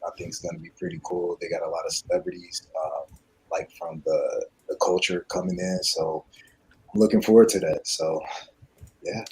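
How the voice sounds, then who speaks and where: A man's voice: sits low, fairly even intonation, moderate pace, darkish tone, husky, rough recording. A man chatting casually on a livestream, easygoing and a bit hesitant. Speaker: panelist.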